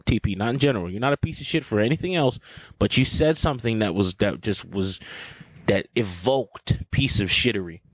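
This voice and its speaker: A man's voice: fairly low pitch, brisk, no room sound, low-quality recording. A man hosting a podcast, ranting bluntly and profanely in casual sports talk. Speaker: podcast host.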